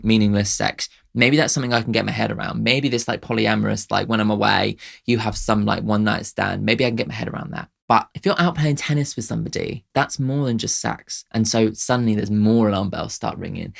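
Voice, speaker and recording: A man's voice: on the low side, vocal fry, fairly bright tone. A man hosting a music reaction video, talking casually, rambling with lots of "like", laughing often and swearing freely.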